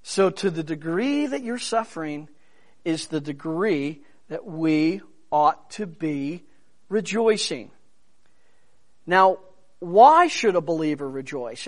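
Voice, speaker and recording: A man with a high voice preaching a sermon. He talks conversationally, swinging from quiet, soft-spoken stretches to louder, emphatic bursts, with humorous asides along the way. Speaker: pastor.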